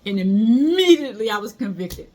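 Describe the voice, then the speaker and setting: A woman's voice: fairly high pitch, big pitch swings, moderate pace, a little mellow. A middle-aged woman, giving casual motivational advice and telling stories. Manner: conversational, storytelling, acts out quoted voices. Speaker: motivational speaker.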